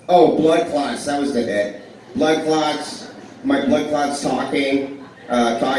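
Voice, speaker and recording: A male comedian in his forties tells rambling, self-deprecating stories from a blues club stage, trading plenty of back-and-forth with the live crowd. His ordinary middle-pitched voice is slow and a little mellow. The recording is very echoey and distant, with a faint room murmur and a little hiss or hum.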